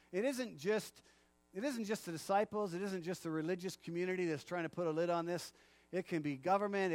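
A man with a high voice delivers a sermon, animated and playful, and he acts out the quotes he tells and laughs often. The sound is close and dry, with no room echo. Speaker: pastor. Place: church.

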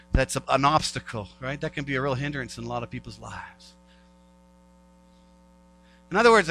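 A man's voice: fairly high pitch, pushed and bright, rough recording. A male pastor giving a conversational sermon. He repeats key phrases and acts out the voices of doubters.

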